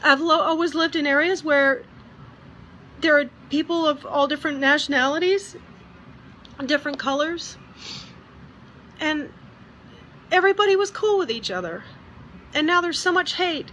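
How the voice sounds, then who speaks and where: A woman speaking earnestly and emotionally in a personal video message, often halting and restarting. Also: high voice, pushed and bright, a little hiss or hum. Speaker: vlogger.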